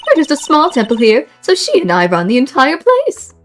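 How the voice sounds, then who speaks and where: A woman's voice: high voice, wildly swooping pitch, moderate pace, soft background music, voice pushed up. Woman doing a vain, sing-song nun. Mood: preening.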